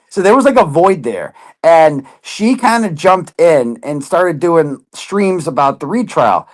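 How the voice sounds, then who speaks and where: A man's voice: fairly high pitch, expressive, measured pace. A man in casual chat, telling a story with lots of swearing and putting on other people's voices. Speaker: podcast guest.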